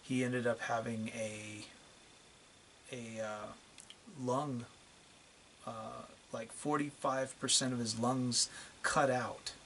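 Bright-voiced man ranting angrily. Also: mid-range voice, level tone, slight background noise. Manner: angry, profane, ranting; drawn-out emphatic phrasing. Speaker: channel host. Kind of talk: vlog rant to camera.

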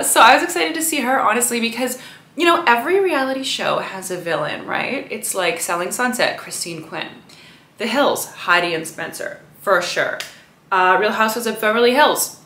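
A woman's voice: mid-range voice, bright, forceful tone. A young adult woman vlogging in a casual chat to camera, chatty and tagging lines with "right?" and "you know". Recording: roomy echo.

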